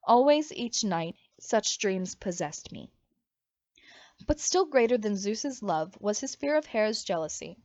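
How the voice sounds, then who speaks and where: A woman reading a mythology book aloud in an expressive, dramatic way. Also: medium pitch, unhurried, dry recording. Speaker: audiobook reader. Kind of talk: storybook read-aloud narration. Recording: dry, slightly muffled home recording.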